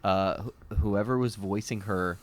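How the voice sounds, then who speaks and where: Guy on a podcast, lowish voice, kinda halting, lots of ums. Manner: hesitant, lots of fillers and restarts. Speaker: podcast co-host. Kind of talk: casual chat.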